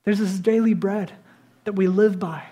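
A man preaching a sermon in a high, light voice. He talks to the congregation in a relaxed, conversational way and is animated, then drops to a near-whisper to stress a point. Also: normal speed. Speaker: pastor.

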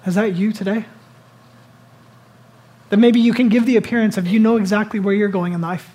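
This is a pastor preaching a sermon in an easy, conversational way. The voice keeps turning to the listeners with rhetorical questions, rising to urgent emphasis and then dropping to a hushed, intimate tone. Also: medium pitch, fairly even intonation, brisk. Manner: swings between loud urgent lines and soft hushed ones.

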